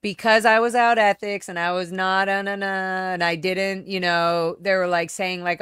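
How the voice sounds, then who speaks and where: A woman's voice: mid-range voice, little pitch movement, normal speed, few pauses, a bit bright, smooth, dry recording, studio quality. A woman hosting a livestream, telling a personal story in a casual, candid, rambling way that often trails off and restarts. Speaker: livestream host.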